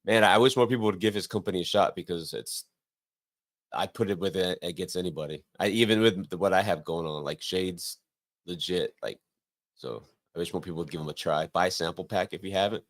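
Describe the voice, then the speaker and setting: A man's voice: deep voice, brisk, no echo, clean studio sound. A man in his forties in casual, joking conversation as a guest on a live stream. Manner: joking, teasing. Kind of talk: casual chat.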